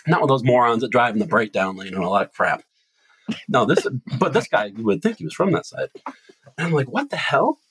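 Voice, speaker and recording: A man from Massachusetts hosting a podcast, telling a long story in animated casual chat. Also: on the low side, a little fast, a little hiss or hum, poor audio. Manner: rambling animated storytelling with restarts.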